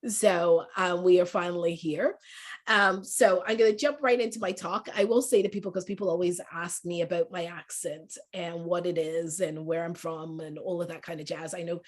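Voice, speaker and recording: Speaker with a mixed English-Canadian-Jamaican accent. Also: female voice, fairly low pitch, normal speed. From born in England, raised in Canada. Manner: warm, laughing, animated, quotes people in lively voices. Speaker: guest speaker, life coach. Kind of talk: motivational talk on a video call. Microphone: video call.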